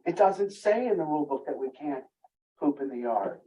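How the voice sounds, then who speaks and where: A man's voice: on the high side, expressive, a little slow, long pauses, mellow. A man telling a rambling, candid story in a group talk, laughing at himself now and then. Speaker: group speaker. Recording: muffled, distant room recording.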